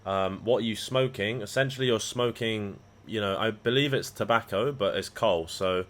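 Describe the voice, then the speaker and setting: A man's voice: lowish voice, moderate pace, a bit bright. A man chatting casually on a livestream, rambling and swearing freely as he talks to his viewers. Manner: rambling, profane banter. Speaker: live trading streamer.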